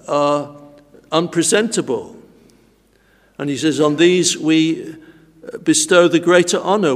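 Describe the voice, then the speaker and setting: Male preacher, measured teaching sermon, unhurried emphatic delivery, reverberant church hall. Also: on the high side. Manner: slow, deliberate, emphatic teaching. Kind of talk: expository sermon.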